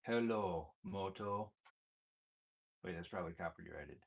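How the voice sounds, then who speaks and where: A man with a somewhat low, husky voice thinks aloud while testing a guitar pedal. His pitch swings widely as he mutters to himself. His asides are mildly exasperated. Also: big pitch swings, measured pace. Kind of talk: casual gear demo, thinking aloud.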